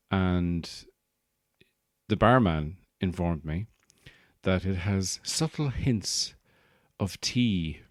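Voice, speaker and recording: A man's voice: deep voice, slow pace, dry recording, clean studio sound. An Irish man hosting a podcast, rambling through a jokey comic monologue and slipping into put-on accents. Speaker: podcast host and stand-up comedian. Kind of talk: casual comedic monologue.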